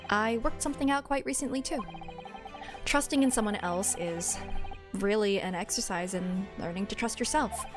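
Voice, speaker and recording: An earnest young defense lawyer from a game, sincere and slightly hesitant, speaking in a lowered, soft voice, as a woman acts him out. He sounds gentle and unsure. Faint music sits behind him. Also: natural voice. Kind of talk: dramatic reading of game dialogue.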